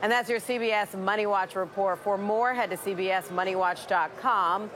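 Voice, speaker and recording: A woman business reporter reading a scripted news report in a crisp, measured way. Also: medium pitch, noisy background.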